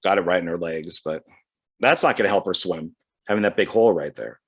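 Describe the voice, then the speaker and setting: A man's voice: sits low, a little fast, slightly rough. A man casually talking through his DVD purchases, reading back covers aloud and chatting as he goes. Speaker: DVD collection vlogger. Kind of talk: casual unboxing commentary.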